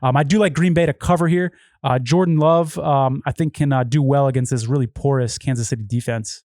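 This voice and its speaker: A man's voice: mid-range voice, fairly even intonation, brisk, darkish tone, no echo, clean studio sound. A man co-hosting a podcast, running through betting lines and stats in casual chat. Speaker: podcast co-host.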